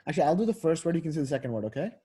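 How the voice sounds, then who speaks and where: A male tutor explains things casually in a fairly high, very animated voice that races along, warm in tone and slightly rough. His delivery is loose and packed with "like" and "um," and he keeps correcting himself as he goes.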